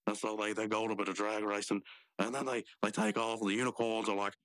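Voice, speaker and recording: A man with a fairly low voice, co-hosting a casual podcast and retelling a cartoon's plot. He tells it loosely, wandering into asides along the way. The sound is dry and close to the mic. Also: little pitch movement, fast talker, a bit bright, dry recording. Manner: loose, rambling storytelling with asides. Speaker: podcast co-host. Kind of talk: casual chat recapping a cartoon.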